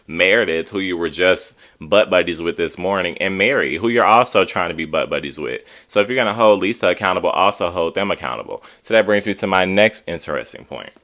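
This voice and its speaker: A man's voice: deep voice, bright, forceful tone. A man giving a sassy, emphatic, exasperated commentary on a reality TV episode. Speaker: reality TV recap vlogger. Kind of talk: casual commentary.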